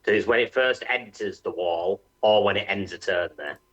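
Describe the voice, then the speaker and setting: Lower-voiced man checking rules. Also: moderate pace, fairly bright tone, lo-fi sound. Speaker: player. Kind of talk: casual tabletop play.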